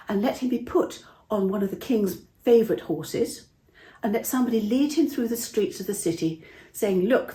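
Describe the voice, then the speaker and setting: A woman's voice: medium pitch, warm tone, close to an everyday voice. Woman voicing Haman, a vain scheming minister. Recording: roomy echo.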